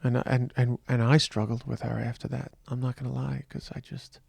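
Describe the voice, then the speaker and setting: A man hosting a podcast, talking slowly and reflectively in a tired, halting personal monologue. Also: mid-range voice, little pitch movement, gravelly, a little mellow, husky, dry recording. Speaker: podcast host.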